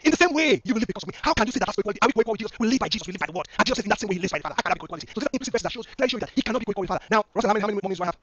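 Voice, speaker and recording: Rapid-fire, high-voiced man debating. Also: animated, fairly bright tone. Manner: impassioned, rapid-fire argument with repeated restarts. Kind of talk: online debate argument.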